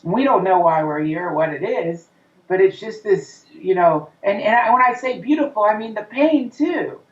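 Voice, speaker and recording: A man's voice: sits high, expressive, moderate pace. A man talking as a comedian guest in an interview, in an intense, profane rant, sometimes acting out the voice of his inner critic. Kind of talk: interview conversation. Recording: roomy, distant, dull sound.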